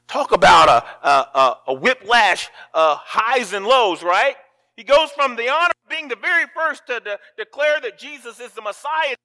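A male pastor with a high-sitting, sharp voice preaches a sermon. He tells the story with feeling and acts out what the people in it say.

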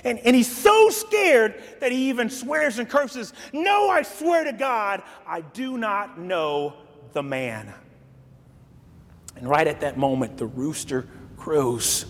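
A male pastor preaches in an unhurried, deliberate way, acting out the story with sudden swings between loud and hushed lines. His voice sits high for a man. The sound rings with the long reverb of a large church hall. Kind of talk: sermon.

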